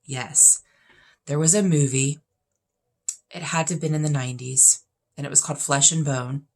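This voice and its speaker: A woman's voice: low voice, steady tone, moderate pace. A woman in her fifties, a vlogger chatting casually through a list of questions, blunt and opinionated with plenty of emphasis. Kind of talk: casual chat answering questions.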